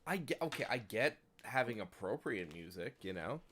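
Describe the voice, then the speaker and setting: Dude streamer just chatting before going live, laughs a lot. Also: male voice, medium pitch, big pitch swings, moderate pace, a bit bright. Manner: laughs a lot and quotes meme songs in silly voices. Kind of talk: casual chat before a stream.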